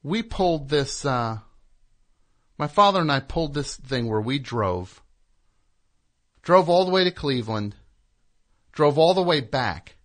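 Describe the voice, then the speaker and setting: A man from New Jersey hosting a comic call-in radio show, telling rambling stories with deadpan sarcasm. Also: fairly high pitch, a little slow, long pauses.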